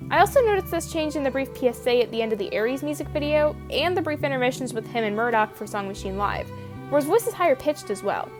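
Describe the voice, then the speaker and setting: A woman's voice: high voice, expressive, quick pace, over music. A young woman narrating a scripted video essay in a wry, opinionated, casually profane manner.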